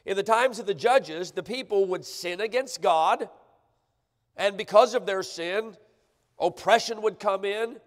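High-voiced preacher in a reverberant church. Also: male voice, unhurried. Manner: emphatic, often checks in with the congregation. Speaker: pastor. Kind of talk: sermon. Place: church sanctuary. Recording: church livestream with long hall reverb.

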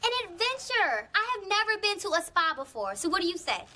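An upbeat young college woman who gets easily excited about plans, in a very high voice. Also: fairly quick, heavy background noise. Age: young adult. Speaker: college student. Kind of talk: sitcom acting.

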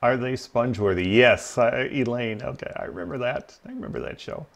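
A man's voice: medium pitch, fairly quick, vocal fry. A man hosting a game livestream, chatting casually and rambling with lots of ums and laughs. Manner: rambling, laughs at own stories, many ums. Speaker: livestream host. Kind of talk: casual gaming stream chat.

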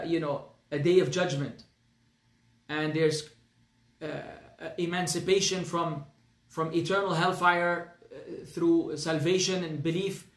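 Earnest high-voiced man with an Arabic accent. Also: roomy sound. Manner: earnest, emphatic, repeats phrases, mixes in Arabic. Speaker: Islamic teacher. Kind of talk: religious class lecture.

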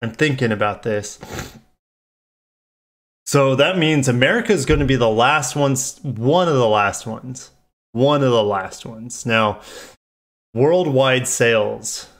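A chatty man reads a press release on a live stream, keeping a middle pitch. He keeps stopping to riff and correct himself in loose, offhand asides. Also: slow, long pauses. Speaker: car channel host.

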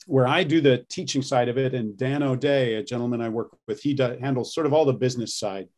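A man's voice: mid-range voice, quick pace, darkish tone. A man who coaches voice and accents, explaining his work in a casual interview, with lots of ums and restarts as he goes.

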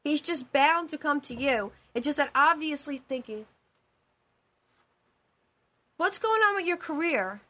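A woman's voice: high-pitched, expressive, normal speed, sharp tone. A woman hosting a live call-in show as a psychic medium, talking in a rambling, emphatic way with many repeated phrases.

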